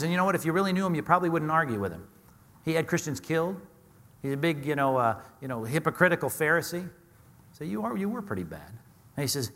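Conversational pastor preaching in a reverberant hall. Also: male voice, a little high, expressive, quick pace, fairly bright tone. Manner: conversational, acts out quoted voices with plain humor. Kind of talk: sermon.

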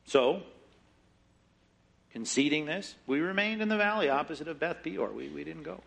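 A man preaching a sermon, acting out quoted prayers and lines from scripture with lively shifts in voice. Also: moderate pace, vocal fry. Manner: expressive, acts out scripture quotes with shifting pitch and pace. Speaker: pastor.

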